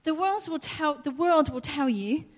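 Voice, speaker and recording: A woman's voice: high voice, lively intonation, measured pace. A woman preaching a sermon in an earnest way, repeating her key phrases and laughing often. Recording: long hall reverb.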